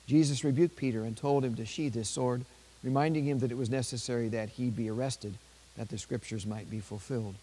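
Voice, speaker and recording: A man with a dark, mellow voice reads aloud from a saint's life at a measured pace. Now and then he stops to add a quick aside in his ordinary speaking voice. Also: medium pitch, low-quality recording. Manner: measured reading with brief spoken asides. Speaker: priest.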